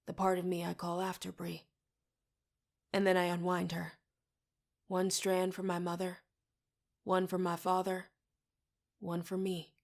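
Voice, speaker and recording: A woman narrating an audiobook in the first person, low-pitched with a gravelly fry. Her reading is steady and intimate. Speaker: audiobook reader.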